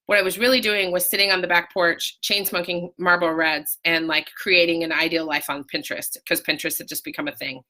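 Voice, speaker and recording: A woman talking casually to viewers in a live video, telling an emotional personal story with animated, sudden high outbursts and greeting viewers by name. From Utah. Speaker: life coach sharing a personal story.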